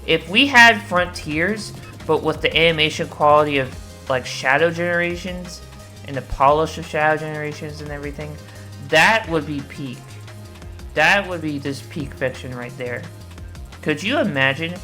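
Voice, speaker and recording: A woman with a very low speaking voice and a bright, forward tone. She talks casually to her viewers, rambling with enthusiasm and dropping swear words freely. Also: moderate pace, soft background music. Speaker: video creator. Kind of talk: casual excited commentary.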